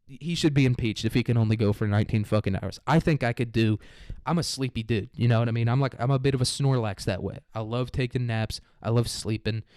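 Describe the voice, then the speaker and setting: A man's voice: medium pitch, fast, darkish tone, smooth, no echo. A young man giving casual, sarcastic news commentary, swearing constantly and riffing irreverently.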